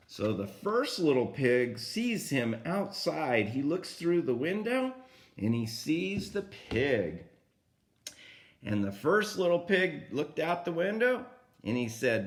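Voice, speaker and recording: Older man, grandfather, storybook reading, slightly high voice, unhurried, questions to a child. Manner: animated, asks the listener questions. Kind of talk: reading a picture book to a child.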